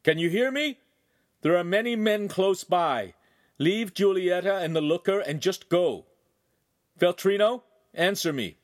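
A man's voice: a little high, big pitch swings, moderate pace, dry recording, clean studio sound, pitched above the performer's own voice. A man voicing an anxious but brave young male apprentice who talks in an earnest, urgent way. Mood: pleading shout.

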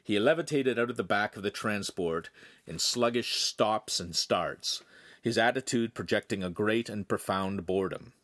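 A man narrating a young adult science fiction novel in measured, even storytelling. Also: on the low side. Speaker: audiobook reader. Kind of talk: scripted narration.

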